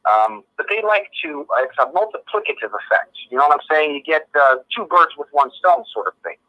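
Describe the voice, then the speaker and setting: A man's voice: a little high, sing-song, fairly quick, no room sound, lo-fi sound. A man with a slight New York accent, calling in and explaining his views in an earnest, guarded way. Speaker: caller. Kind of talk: phone-in conversation.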